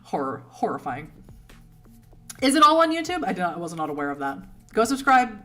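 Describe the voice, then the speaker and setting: A woman's voice: medium pitch, very animated, a little fast, a bit bright, faint music behind. A woman from Boston with a Boston accent, hosting a casual livestream, chatting with viewers in a rambling way and laughing often. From Boston, United States. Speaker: streamer host answering chat.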